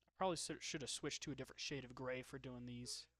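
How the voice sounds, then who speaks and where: A man's voice: mid-range voice, steady tone, fast, a bit bright, no echo. A man chatting casually while drawing, joking about himself and laughing often. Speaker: streamer.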